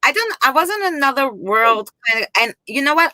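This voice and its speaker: A woman's voice: high-pitched, big pitch swings, a little fast, pushed and bright, no room sound. A woman in casual chat, telling rambling stories with lots of fillers. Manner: rambling, chatty storyteller with many fillers.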